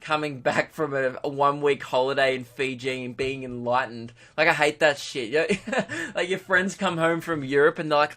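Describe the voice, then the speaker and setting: A man's voice: on the high side, fairly even intonation, moderate pace, fairly bright tone. A man with an Australian accent, a podcast host telling a comic story in a sarcastic, ranting way. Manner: sarcastic, ranting, frequent swearing.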